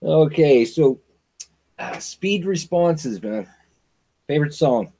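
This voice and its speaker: A man's voice: on the high side, animated, creaky, dark tone, breathy edge. A man hosting a casual interview, asking questions with dry jokes. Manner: slow, joking questions. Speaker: host.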